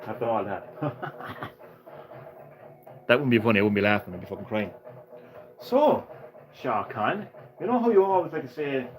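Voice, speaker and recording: A young man hosting a gaming livestream, giving live play-by-play commentary full of profane trash-talk and excitable jokes. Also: medium pitch. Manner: brash, profane trash-talk aimed at the game; excitable, jokey, sometimes rushes his words.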